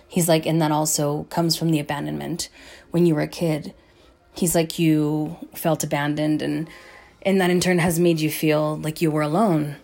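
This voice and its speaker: Young female vlogger, low-pitched with vocal fry; loose, profane, filler-heavy storytelling. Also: little pitch movement, moderate pace, dark tone. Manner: rambling, profane, lots of "like" and "um". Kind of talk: casual storytime monologue.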